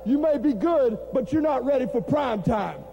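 A man cutting an angry wrestling promo, demanding and threatening. His voice is high in pitch but dark and mellow in tone. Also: expressive, moderate pace, gravelly, highs cut off. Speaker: pro wrestler.

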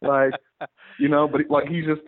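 A man who wrestles, telling stories in a rambling, animated way in a casual interview. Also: fairly high pitch, moderate pace. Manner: rambling, animated storyteller with many restarts. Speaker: pro wrestler guest. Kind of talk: casual interview over the phone. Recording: tinny phone line.

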